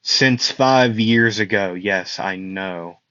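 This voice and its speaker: A calm young swordsman hero, voiced by a man lays out his words slowly and firmly. The sound is dry and a little dull, like a home recording. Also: on the low side, dry recording. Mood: stern.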